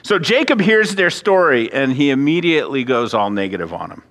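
A man's voice: mid-range voice, brisk. A man preaching a sermon as a pastor, conversational with self-deprecating asides and acting out the characters' voices. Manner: animated, acts out the characters' voices. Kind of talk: expository sermon. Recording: reverberant hall.

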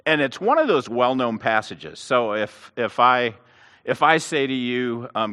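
Man, sermon, lapel mic, long hall reverb, animated pitch. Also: measured pace. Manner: animated storytelling with restarts. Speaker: preacher. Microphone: clip-on lapel mic.

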